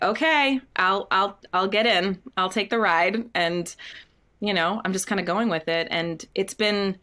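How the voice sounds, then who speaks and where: A Broadway actress chatting as a podcast guest, animated and candid, often acting out what people said. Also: female voice, fairly low pitch. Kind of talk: casual interview chat.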